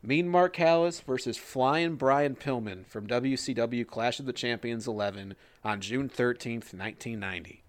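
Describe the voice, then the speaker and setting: A man's voice: medium pitch, moderate pace, hardly any pauses, dry recording. A man co-hosting a casual wrestling podcast, joking and swearing as he rambles through predictions. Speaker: podcast co-host.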